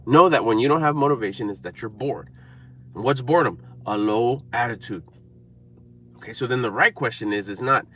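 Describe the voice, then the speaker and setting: A man's voice: mid-range voice, moderate pace, pauses often, a bit bright. A man giving an emphatic, repetitive motivational talk to camera, coaching viewers. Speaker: motivational speaker.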